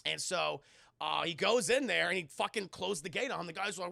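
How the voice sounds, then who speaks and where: Young male streamer, high-pitched, profane, animated recap delivery. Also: fast, gravelly, no echo, studio quality. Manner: profane, excitable, acts out quotes in loud voices. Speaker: streamer reviewing a film. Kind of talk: animated scene-by-scene film recap to live chat.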